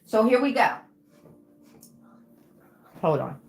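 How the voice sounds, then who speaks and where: A woman's voice: on the high side, big pitch swings, slow, gravelly. Woman coach doing a live class, casual, lots of okays, echoey room. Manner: casual, drawling, repeats okay and right to the viewers. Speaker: mindset coach. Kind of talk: live-stream teaching. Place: room with a whiteboard.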